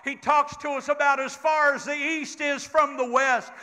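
An older man preaching a Pentecostal sermon in a church, leading the congregation in call-and-response and building up to shouts. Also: very high-pitched, flat delivery, moderate pace. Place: church sanctuary. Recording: church hall reverb with congregation.

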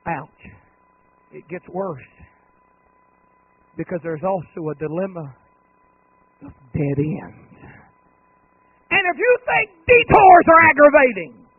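A man preaching a holiness sermon. He tells folksy, humorous stories and swings from low talk to rising, shouted, drawn-out cries. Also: a little hiss or hum. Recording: tinny phone-like lo-fi recording.

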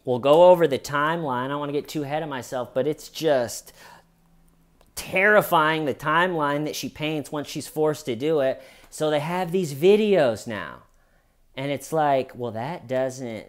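A man's voice: fairly high pitch, moderate pace. A man recapping a true crime case in a chatty, casual way, often restarting and adding asides.

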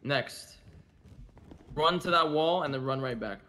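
A man's voice: on the high side, animated, unhurried, sharp tone, long reverb tail, a little hiss or hum. A young man in a role-play game, barking orders in a bossy way over voice chat.

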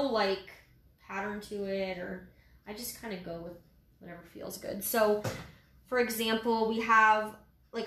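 A woman's voice: medium pitch, a bit bright. A woman giving a casual step-by-step painting tutorial, easygoing and full of little fillers. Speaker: painting instructor. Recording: roomy echo.

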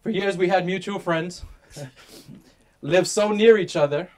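A man's voice: high-pitched, takes it slowly. A man, the groom, reading his wedding vows in a light, joking manner. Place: outdoor wedding venue.

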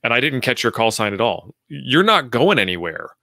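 Relaxed man acting out radio calls. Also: medium pitch, normal speed, gravelly, no echo, studio quality. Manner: relaxed, acts out radio exchanges. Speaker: co-host. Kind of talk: casual chat.

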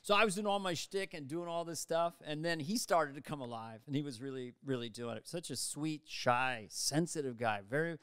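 Man, comedian guest, animated storyteller, slightly high voice, smooth, dry studio mic. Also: normal speed, hardly any pauses, no room sound. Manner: animated, slips into voices and quotes mid-story. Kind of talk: casual interview storytelling. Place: podcast studio.

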